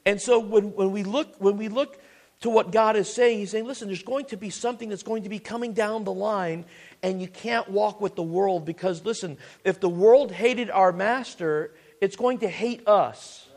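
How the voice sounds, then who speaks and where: Preacher guy with a high gravelly voice, earnest, keeps restarting lines. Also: moderate pace, darkish tone. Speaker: pastor. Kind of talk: sermon.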